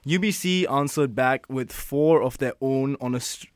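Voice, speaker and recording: A man's voice: mid-range voice, normal speed, clear, resonant tone, no echo, clean studio sound. A man reading a sports recap who gets giggly and nervous over players' names.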